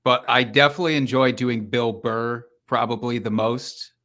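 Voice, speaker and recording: A man's voice: mid-range voice, fairly even intonation, normal speed, bright, forceful tone. A man from Iowa, a guest on a podcast, chatting in a joking, self-deprecating way. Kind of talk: casual podcast interview.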